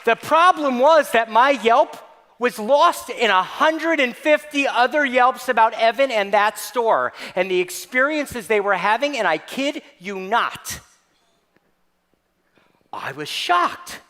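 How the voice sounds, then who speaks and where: A man giving a keynote talk to staff, telling a comic story in an animated, playful, mock-outraged way. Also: very high voice, takes it slowly, some chatter behind. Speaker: keynote speaker. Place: large hall. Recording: long reverb of a large hall.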